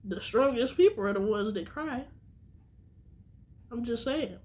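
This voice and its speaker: A woman's voice: on the high side, expressive, slow pace, pauses often, a little mellow. A woman vlogger talking straight to her viewers in a casual monologue, earnest and teary, repeating herself for emphasis.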